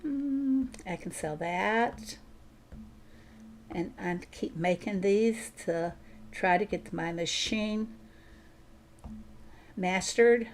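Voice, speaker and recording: Slow-talking chatty woman streamer. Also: medium pitch. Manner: chatty, thinks aloud, answers viewers. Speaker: mobile farming game streamer. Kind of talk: casual gameplay commentary.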